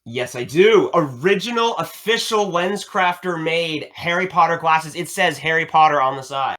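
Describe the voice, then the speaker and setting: A man's voice: fairly high pitch, moderate pace. A man in his thirties, a podcast co-host, telling a story in casual chat. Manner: storytelling, animated.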